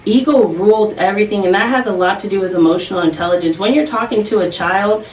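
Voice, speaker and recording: A woman's voice: mid-range voice, quick pace, recorded from a distance. A woman in her thirties talks bluntly and directly in a casual podcast chat, telling stories with plenty of animation. She sits some way back from the mic, so her voice carries a roomy echo with a faint hiss underneath. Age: 30s. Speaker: guest co-host.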